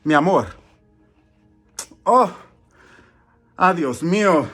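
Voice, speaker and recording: A man voicing a brash, loud Spanish-speaking character named Felipe. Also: high-pitched, animated, slow pace, faint music behind, voice pushed up, full character voice.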